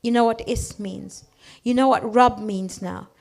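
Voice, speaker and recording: A middle-aged woman teaching children, telling stories in a lively way, acting out small voices and checking that the class is following. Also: mid-range voice, unhurried, gravelly. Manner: animated storytelling, acts out voices, asks checking questions.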